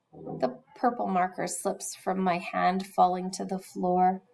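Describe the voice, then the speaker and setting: A woman's voice: medium pitch, takes it slowly, creaky, rough recording. A woman reading a children's novel aloud, telling it expressively and sometimes dropping to a whisper. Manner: expressive storytelling, drops to a whisper at times. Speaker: reader.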